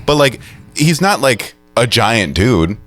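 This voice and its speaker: A man's voice: medium pitch, sing-song, takes it slowly, fairly bright tone, dry recording. A man co-hosting a music reaction show, joking and trading short replies in casual chat. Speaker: music producer co-host.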